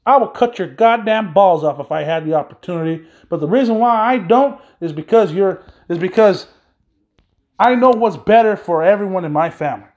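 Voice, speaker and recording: High-voiced man in an angry profane rant. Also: animated, moderate pace, darkish tone. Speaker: podcast host. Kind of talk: solo podcast rant. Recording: dull lo-fi recording.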